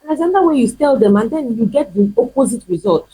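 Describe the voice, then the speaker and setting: A woman's voice: a little high, lively intonation, quick pace, dark tone, slightly rough, rough recording. A woman pastor, preaching emphatically in a teaching video, repeating her points and firing rhetorical questions. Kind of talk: sermon-style teaching video.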